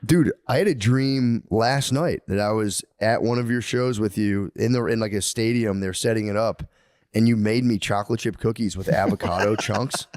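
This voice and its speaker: A man's voice: lowish voice, moderate pace, darkish tone, no room sound, studio quality. A man co-hosting a podcast, telling loose rambling stories with lots of laughs in casual chat. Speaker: podcast co-host.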